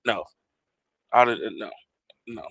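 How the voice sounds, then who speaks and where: Male panelist, bright forceful tone, halting stuttered speech, blunt. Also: lowish voice, gravelly, slightly rough, no room sound. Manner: halting, stutters and restarts, blunt street talk. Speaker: panel guest. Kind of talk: casual podcast debate.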